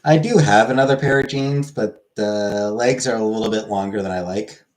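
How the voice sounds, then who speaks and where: A man's voice: fairly low pitch, normal speed, a little mellow. A Canadian man with a Canadian accent, hosting a casual streamed chat in a rambling, joking way with frequent fillers. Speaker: streamer host.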